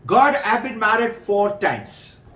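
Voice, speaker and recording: A man's voice: high voice, lively intonation, slow, a bit bright, voice pushed up, heavily acted. A man voicing an exasperated husband who has married four times and begs God for help. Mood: pleading. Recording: roomy, distant mic.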